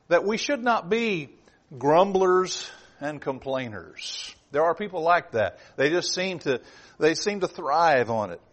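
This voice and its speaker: Male preacher, slightly higher voice, dynamic sermon delivery with loud peaks and quiet asides. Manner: dynamic preaching, swings from loud emphasis to low hushed asides. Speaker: pastor.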